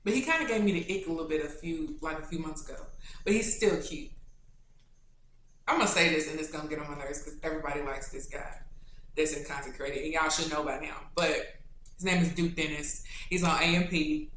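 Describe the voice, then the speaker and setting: A woman with a Kentucky accent, answering viewer questions in a casual, animated, slangy chat. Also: low voice, fairly quick, a little hiss or hum. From Louisville, Kentucky. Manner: chatty and animated, with slangy asides. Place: indoors, sit-down video setup. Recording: very echoey room.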